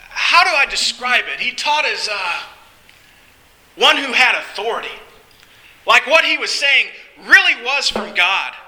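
A man's voice: high-pitched, pushed and bright, low-quality recording. A man narrating a first-person story in an earnest, dramatic storytelling manner.

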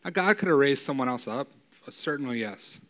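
A man preaching a sermon in a casual, conversational way, often asking "right?", and building to loud, emphatic peaks. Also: medium pitch, animated, moderate pace.

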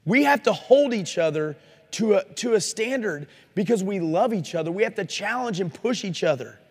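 A man's voice: high-pitched, animated, normal speed. A man preaching a sermon at a Christian conference, earnest and challenging, asking his listeners direct questions. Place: conference hall. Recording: live recording in a reverberant hall.

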